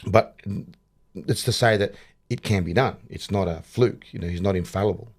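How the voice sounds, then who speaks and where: Man, Australian accent, middle-aged, lowish voice, boxing coach, rambling interview chat, repeats words. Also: normal speed.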